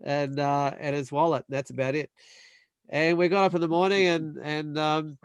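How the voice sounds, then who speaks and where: A young man telling a long, animated story in casual chat, acting out the other people's voices. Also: a little high, clear, resonant tone, no room sound. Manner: animated storyteller, acts out quoted voices, quick bursts. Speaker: panel guest.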